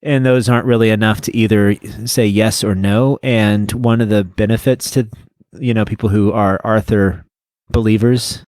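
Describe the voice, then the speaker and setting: A man's voice: fairly low pitch, steady tone, moderate pace, hardly any pauses, darkish tone, no room sound. A man co-hosting a casual book podcast, rambling and stopping to search for names as he talks. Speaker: podcast co-host. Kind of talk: casual chat.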